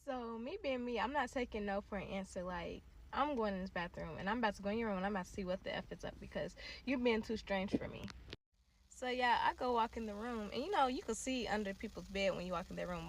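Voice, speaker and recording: A young woman telling a dramatic story to her listeners in a casual, animated way. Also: mid-range voice, quick pace, creaky, a little hiss or hum.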